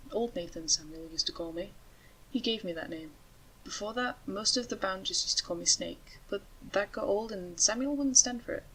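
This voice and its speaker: A woman voicing a calm, wry male talking rattlesnake in a storybook reading, speaking in a matter-of-fact way. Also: medium pitch, moderate pace, few pauses, a little hiss or hum, lightly acted, low-quality recording. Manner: matter-of-fact, dryly joking.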